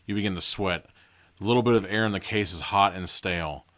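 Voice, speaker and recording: A man's voice: sits low, a little fast, fairly bright tone. A man hosting a podcast, casually reading a horror gamebook aloud and breaking off for joking asides. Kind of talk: casual read-aloud with commentary.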